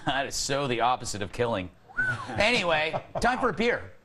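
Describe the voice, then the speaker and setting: A man's voice: mid-range voice, wildly swooping pitch, normal speed, very noisy. A man hosting a late-night panel show, joking and laughing often. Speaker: talk show host.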